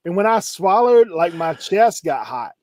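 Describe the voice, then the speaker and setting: A man's voice: high voice, sing-song, unhurried, darkish tone, dry recording. Laid-back man telling stories. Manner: laid-back rambling storyteller, laughs often. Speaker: co-host reseller. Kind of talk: casual storytelling chat.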